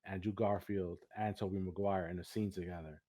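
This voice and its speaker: A man's voice: low voice, fairly even intonation, a little fast, mellow, a little hiss or hum. A man co-hosting a podcast, chatting casually and rambling with lots of fillers and laughter. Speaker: podcast co-host. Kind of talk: casual chat.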